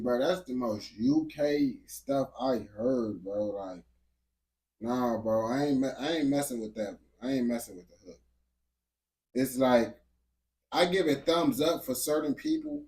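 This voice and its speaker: A man's voice: medium pitch, darkish tone. A man giving casual, slangy reaction commentary, dropping "bro" and "gang" constantly and restarting his sentences. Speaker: reaction video host.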